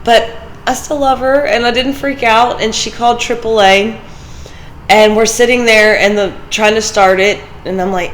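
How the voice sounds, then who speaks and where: A woman hosting a vlog chats casually and motivationally, telling stories and laughing often. Her voice is a little high, steady and a bit bright at normal speed, on a low-quality recording with some hiss or hum.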